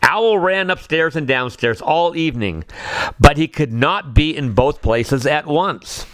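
A man reading a children's story aloud in a gentle, expressive way. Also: fairly high pitch, measured pace, no echo.

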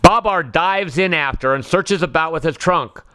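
A man narrating a children's storybook in a calm, expressive reading style. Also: a little high, normal speed, clean tone, dry recording.

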